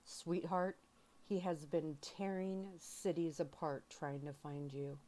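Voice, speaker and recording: A worried, stubborn father pleads with his daughter, as a woman voices him in her own reading voice. The delivery is low and slow, in a soft-spoken ASMR book reading. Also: fairly even intonation. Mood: pleading. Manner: pleading then insistent.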